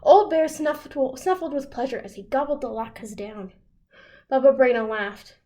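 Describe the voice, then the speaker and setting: A woman librarian reading a picture book aloud to children in an expressive, animated way over a video call. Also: sits high, moderate pace.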